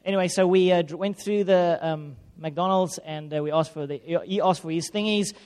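A man, a pastor, telling a lively, self-mocking personal story in a sermon. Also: sits high, moderate pace, clear, resonant tone. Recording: long reverb of a hall.

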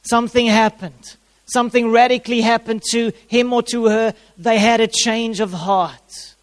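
A man's voice: extremely high pitch, steady tone, moderate pace. A man preaching a sermon, repeating his key phrases for emphasis and showing props to his congregation. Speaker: pastor. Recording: long hall reverb.

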